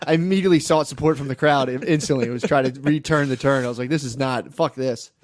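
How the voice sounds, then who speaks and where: A man's voice: medium pitch, fast, no room sound. A man chatting casually as co-host, reacting with amused, profane remarks. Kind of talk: casual podcast chat.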